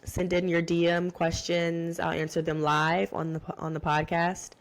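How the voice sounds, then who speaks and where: Low-voiced woman hosting a chatty podcast. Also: little pitch movement, moderate pace. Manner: chatty and heartfelt, many "like"s and restarts. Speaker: podcast host. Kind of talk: casual solo podcast recap.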